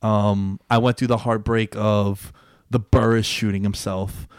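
A young man hosts a casual sports podcast. He has a fairly low voice and tells his stories in an excitable rush, swearing freely. The sound is dry and close. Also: unhurried, clean tone, no room sound. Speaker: podcast host. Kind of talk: casual chat.

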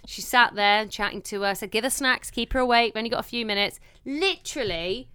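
A woman's voice: a little high, brisk, sharp tone, clean tone, no room sound. A woman in her thirties, co-hosting a casual chat and telling everyday stories with casual swearing, acting out what she said to people. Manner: chatty storyteller who swears and acts out her own quotes. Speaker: podcast co-host.

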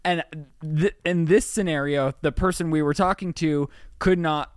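High-voiced young man, defensive. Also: fairly even intonation, moderate pace, clean tone, dry recording, studio quality. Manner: defensive, laughing denials. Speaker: podcast co-host. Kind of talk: casual couple banter.

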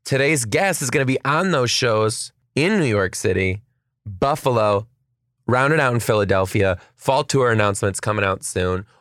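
A man, hosting a comedy podcast with energetic, jokey and profane chatter. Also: mid-range voice, normal speed, no room sound, clean studio sound. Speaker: podcast host. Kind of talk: casual chat.

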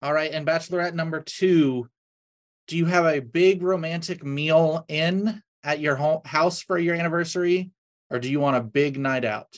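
A man's voice: fairly high pitch, moderate pace. A man reads out lightning-round questions on a comedy podcast. He keeps a matter-of-fact tone, briefly announcing each contestant. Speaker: podcast producer. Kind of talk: reading quiz questions.

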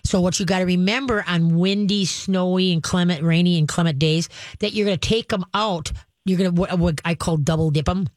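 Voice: mid-range voice, fairly even intonation, brisk, no room sound. Folksy, emphatic radio dog-training host. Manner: folksy, emphatic step-by-step instructions. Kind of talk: call-in advice show.

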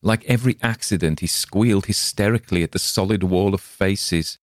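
A man narrating a dark short story in a measured, ominous reading. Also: low-pitched, no echo, clean studio sound.

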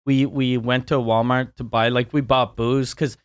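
A man's voice: mid-range voice, level tone, moderate pace, clean tone, no room sound, clean studio sound. A man in a casual podcast chat, rambling and jokey with crude humor. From Canada.

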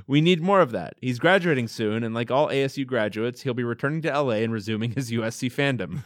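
A man's voice: mid-range voice, a little fast, no echo, studio quality. A man co-hosting a podcast in casual chat, joking as he reads out a list of fan favorites. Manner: joking, mock-grand listing of fan favorites. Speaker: podcast co-host.

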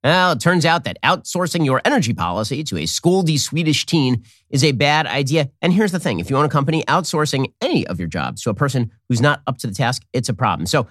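A man hosting a political commentary show, talking in a rapid, sarcastic, mocking monologue. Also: mid-range voice, lively intonation, fairly bright tone, dry recording, studio quality. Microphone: studio mic with earpiece.

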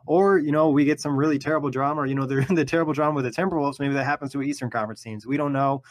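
A young man hosting a casual sports podcast, eager and quick to laugh. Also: mid-range voice, fairly even intonation, no echo. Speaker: podcast host.

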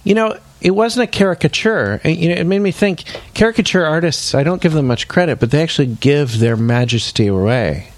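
A man's voice: fairly high pitch, fairly quick, few pauses, dry recording. A man co-hosting a comedy podcast, improvising and steering the bits like a host. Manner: animated, resets scenes like a show host.

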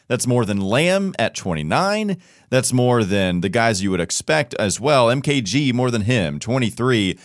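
Low-ish voiced guy hosting a sports pod, lively, dry mic. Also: dry recording. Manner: energetic, stat-listing. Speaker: podcast host. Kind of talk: casual sports podcast chat.

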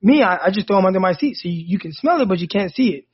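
A man in his thirties, co-hosting a podcast and telling a personal story in a casual, animated way that rises sharply when he gets indignant. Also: high voice, rapid-fire, slightly rough. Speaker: podcast co-host. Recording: dull lo-fi sound.

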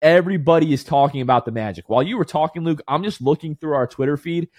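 A man co-hosting a sports podcast, emotional and tearful with joy, talking fast and building to excited shouts. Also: fairly high pitch, no room sound. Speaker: podcast co-host.

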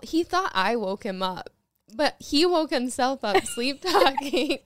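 A young woman co-hosting a podcast, telling stories in a lively way and acting out what others said, laughing as she goes. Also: sits high, brisk, no echo, studio quality. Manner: animated storytelling, acts out quotes with laughter. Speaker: podcast co-host. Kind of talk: casual chat.

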